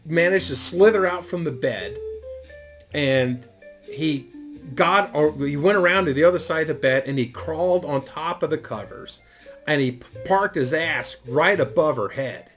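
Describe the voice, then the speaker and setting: A man's voice: on the high side, moderate pace, a bit bright, soft background music. A middle-aged man telling a story in a casual monologue, rambling and profane, with lots of fillers. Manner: rambling, profane, laid-back delivery with frequent fillers. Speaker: YouTube storyteller.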